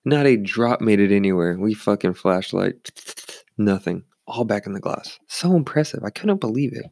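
Young man, bartender, rambling casual storytelling, gravelly low voice, dry close sound. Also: animated, moderate pace, darkish tone, no echo. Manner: rambling, swears freely, acts out quoted voices.

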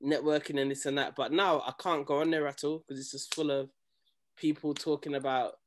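A young man tells stories in a loose, slangy, animated way. His voice sits a little high for a man. It is a casual chat between friends. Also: fairly quick, a little hiss or hum. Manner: animated storytelling, slangy, acts out quoted people.

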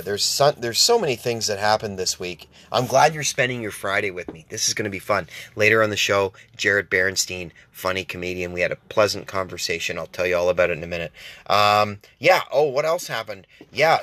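A man's voice: on the low side, a little fast, fairly bright tone, dry recording. A man hosting his own show, telling a rambling, profane story with many restarts and asides. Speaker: podcast host. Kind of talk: casual storytelling monologue.

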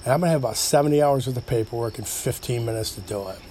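A man's voice: medium pitch, very fast, dark tone. A middle-aged man with an upstate New York accent rambles through a solo podcast. He swears freely, cracks jokes at his own expense and sounds a little tipsy. A faint hum of crickets sits behind his voice. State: a bit tipsy. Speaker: podcast host.

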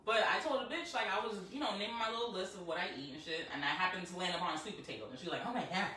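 A woman's voice: lowish voice, racing. Sassy, profane woman in an echoey room. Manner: sassy, profane, animated storyteller. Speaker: podcast co-host. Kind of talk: casual chat. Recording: echoey room, distant mic.

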